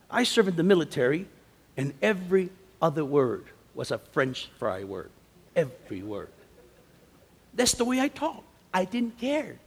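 Casting middle-aged male preacher, gravelly, animated storyteller, big hall reverb. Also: high voice. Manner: animated storytelling, acts out quotes. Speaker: conference speaker. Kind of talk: sermon. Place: large conference hall.

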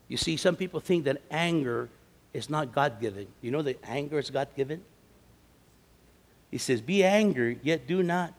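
A man giving a storytelling sermon at a men's conference, moving from easy chat to loud, emphatic preaching. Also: medium pitch, vocal fry. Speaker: conference speaker. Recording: long reverb of a large hall.

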